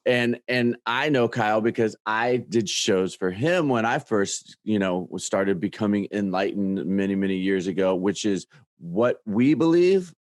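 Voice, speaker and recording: A man with a fairly low voice hosts a loose video-call chat. He rambles and restarts his sentences often. The sound is dry, with little room in it. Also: expressive, dry recording. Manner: rambling, halting, many restarts. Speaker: host.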